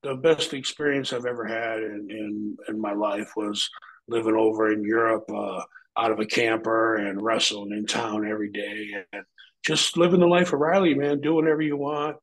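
A man's voice: lowish voice, normal speed, low-quality recording. A man guest in an interview, telling stories casually and animatedly, laid-back and profane. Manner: animated, acts out quoted voices. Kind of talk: casual storytelling.

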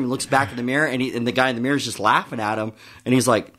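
A man's voice: medium pitch, fairly even intonation, quick pace, fairly bright tone. A man chatting casually on a podcast, telling a long story in a profane, rambling way and calling himself a podcast co-host.

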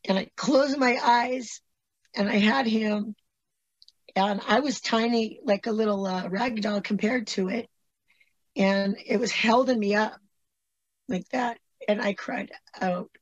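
A woman's voice: medium pitch, slow pace, dry recording. A woman recounts a personal story in a rambling, breathless rush. She keeps restarting her sentences. The audio is dull and lo-fi, and the sound is dry. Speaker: interviewee telling a personal story. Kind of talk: casual storytelling, played as an interview clip.

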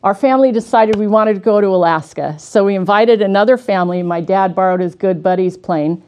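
Brief: middle-aged woman, devotional talk, earnest storyteller, warm mellow tone. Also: medium pitch, fairly quick. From Washington state, USA. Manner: earnest and conversational, with small restarts. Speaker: speaker giving a devotional talk.

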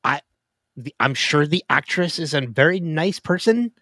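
A man co-hosting a podcast, talking through a TV episode in casual chat, openly emotional and quick to restart his sentences. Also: on the high side, lively intonation, a bit bright, no echo. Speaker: podcast co-host. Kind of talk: casual TV show discussion.

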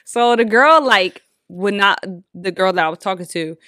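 A woman co-hosting a podcast, telling a story in a casual, animated and profane way, with acted-out quotes. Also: medium pitch, moderate pace, no room sound, clean studio sound. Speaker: podcast co-host.

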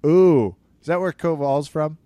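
Podcast co-host, man, mid-pitched, joking, bursts of loud emphasis. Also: expressive, moderate pace, no echo. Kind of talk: casual comedic chat.

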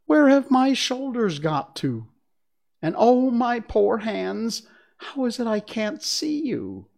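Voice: medium pitch, sing-song, measured pace, husky, exaggerated voice. A reader voicing a polite, bewildered little girl in a storybook reading, earnest and hesitant. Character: puzzled, polite, truthful little girl Alice.

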